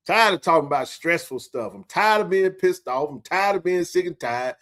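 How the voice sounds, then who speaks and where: A man's voice: fairly high pitch, a little fast, few pauses. A man, hosting a casual sports live stream and joking with his chat. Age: 40s. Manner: joking, animated, talks to chat readers. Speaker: sports talk stream host.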